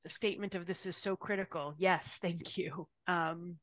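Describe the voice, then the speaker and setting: A woman moderating a meeting, reading attendees' questions aloud in a halting way. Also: on the low side, steady tone, dry recording.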